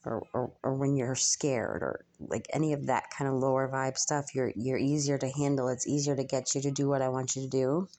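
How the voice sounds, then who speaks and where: A young woman gives a channeled spiritual reading to her viewers. Her voice sits strikingly low, and she muses aloud, hesitating often with ums as the message comes to her. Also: fairly even intonation, fairly quick, hardly any pauses, dark tone.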